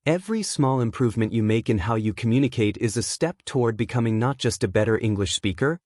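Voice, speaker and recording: A man co-hosting a language-learning podcast, giving clear, measured scripted explanations. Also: medium pitch, expressive, a little mellow, no room sound, clean studio sound. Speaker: podcast co-host. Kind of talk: scripted teaching talk.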